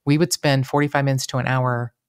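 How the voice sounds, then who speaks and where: A woman's voice: rumbling low, fast, clear, resonant tone, dry recording. A woman, co-hosting a casual true-crime podcast, talking emotionally and acting out what people said. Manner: chatty, emotional, quotes people in lively voices. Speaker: podcast co-host. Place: podcast room.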